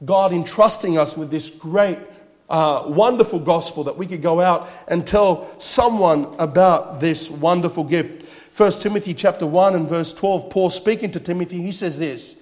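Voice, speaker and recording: A man's voice: fairly high pitch, normal speed, a little mellow, in a large hall. A man preaching a sermon with emphatic repetition, reading scripture passages aloud. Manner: emphatic, repeats phrases, reads scripture aloud.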